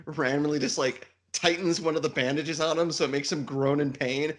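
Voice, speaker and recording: A man's voice: on the high side, steady tone, moderate pace. A man co-hosting a podcast and chatting casually about a book, laughing often between his remarks. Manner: giggly, laughs often, spells words out. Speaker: podcast co-host. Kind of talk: casual book discussion chat.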